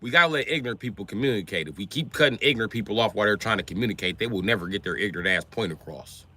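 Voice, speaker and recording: An American man ranting on a casual livestream in African American Vernacular English, profane and brash, jumping between loud outbursts and low mutters. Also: expressive, very fast, husky. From United States. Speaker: livestream host.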